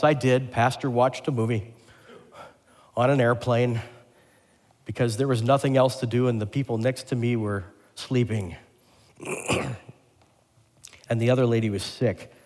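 A pastor delivering a lively sermon, asking the congregation questions and joking with them. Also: male voice, mid-range voice. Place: church sanctuary. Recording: long hall reverb.

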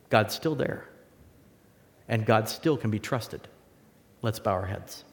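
A man preaching a sermon with illustrations and a closing prayer, talking earnestly, rising for emphasis and dropping soft. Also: on the low side, lively intonation, slow, pauses often, big-room sound.

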